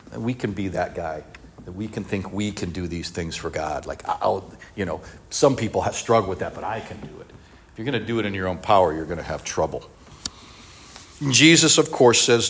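A man preaching a sermon and leading a prayer, retelling scripture in a conversational, animated way with acted-out quotes. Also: low-pitched, a little fast. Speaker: pastor.

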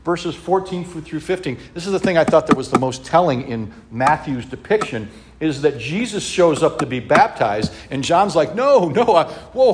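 A man's voice: on the high side, noisy background. Easygoing man preaching a casual sermon. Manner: casual, checks in with listeners, humorous asides. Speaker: pastor. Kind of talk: conversational sermon teaching.

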